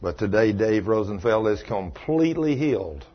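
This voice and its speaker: Man, pastor, sermon, husky voice, dull lo-fi recording. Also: lively intonation, normal speed. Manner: storytelling preacher, swinging from loud exclamations to hushed low passages.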